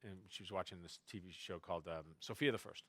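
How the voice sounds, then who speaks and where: A man telling family anecdotes to a festival audience, quoting relatives in quick asides. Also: deep voice, no echo. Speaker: novelist speaking at a festival. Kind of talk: storytelling talk to an audience. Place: festival stage before a live audience.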